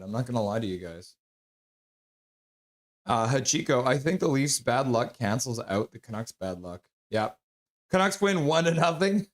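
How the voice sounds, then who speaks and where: A man hosting a casual live stream about hockey. He reads chat messages aloud and reacts to them with quick, excited exclamations. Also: mid-range voice. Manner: breaks into loud excited exclamations.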